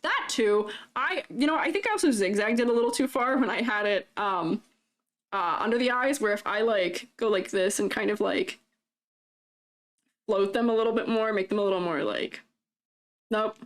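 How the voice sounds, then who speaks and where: At a normal speed and in a mid-range voice, a female streamer chats casually while drawing and reviewing avatar designs. She reads viewer comments aloud, laughs frequently and plays around teasing her chat, with faint background music audible.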